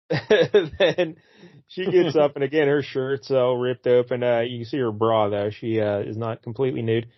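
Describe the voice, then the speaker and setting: A man's voice: medium pitch, fairly even intonation, moderate pace, dry recording, highs cut off. A man co-hosting a casual comic book talk, retelling the story and briefly acting out characters' lines. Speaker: podcast co-host.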